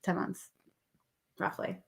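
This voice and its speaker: A woman co-hosting a casual live stream, chatting and reading out lists of viewer guesses. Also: takes it slowly. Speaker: livestream co-host.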